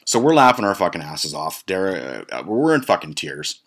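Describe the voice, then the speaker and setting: A man's voice: low-pitched, very animated, moderate pace, a bit bright. A man in his forties hosting a podcast, telling a rambling, profane, amused story. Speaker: podcast host. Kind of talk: casual storytelling.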